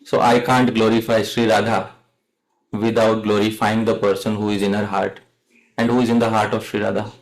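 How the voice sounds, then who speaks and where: A man's voice: lowish voice, little pitch movement, normal speed, rough recording. A man giving a devotional lecture, often quizzing his listeners and calling them dear devotees, leading chants they repeat. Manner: asks the audience questions, addresses them as dear devotees. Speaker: devotional teacher.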